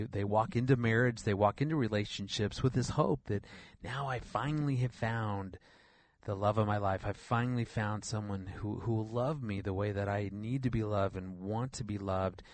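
Earnest low-voiced middle-aged man. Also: no room sound. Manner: earnest, repeats words while thinking. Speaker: regular guest, relationship counselor. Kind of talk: radio interview, storytelling.

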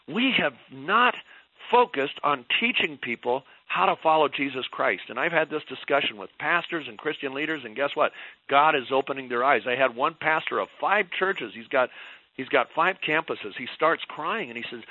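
A man's voice: a little high, lively intonation, moderate pace, pushed and bright, dry recording. Fervent older man preaching on radio. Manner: fervent, emphatic, rising and falling for effect. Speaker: Christian guest speaker. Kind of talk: impassioned preaching on a radio talk show. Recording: dull lo-fi radio sound.

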